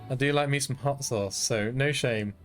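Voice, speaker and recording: A man's voice: mid-range voice, normal speed, faint music behind. A British man in his twenties chatting casually to viewers on a game stream, rambling and slangy and laughing often. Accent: British English. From Britain. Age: 20s. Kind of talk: casual gaming stream chat.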